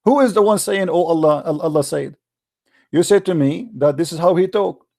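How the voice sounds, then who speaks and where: A man's voice: on the high side, moderate pace, gravelly, mellow. A man hosting a heated call-in debate, arguing hard and repeating his questions over and over. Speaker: debate host.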